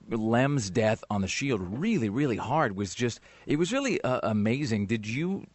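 A man's voice: on the low side, no room sound. Male interviewer, chatty, winding questions, dry close sound.

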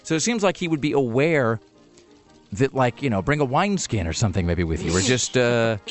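A man's voice: mid-range voice, animated, a little fast. Man, radio host, wry, rambling, fillers, faint music underneath. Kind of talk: casual radio banter.

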